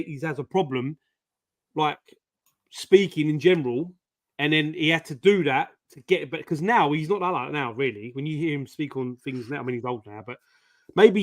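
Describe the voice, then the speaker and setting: A man's voice: fairly high pitch, no room sound, studio quality. A man chatting casually as co-host of a live stream, jokey and rambling with many restarts.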